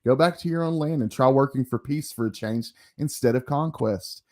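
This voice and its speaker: A man's voice: mid-range voice, normal speed, warm tone, lightly acted. Man reading a green giant hero from a comic, plain unvoiced delivery. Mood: stern. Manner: reads aloud plainly. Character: brutish green male giant, righteous and calm.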